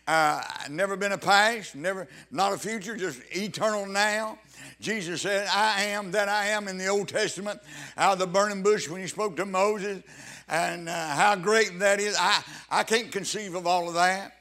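A man preaching a sermon, fervent and halting, with frequent restarts that build to loud emphatic exclamations. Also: high voice.

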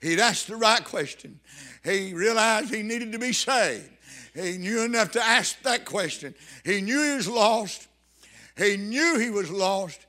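A man's voice: high-pitched, animated, a little slow, pushed and bright. A man preaching a sermon, fervent and emphatic, repeating phrases for weight. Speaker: pastor.

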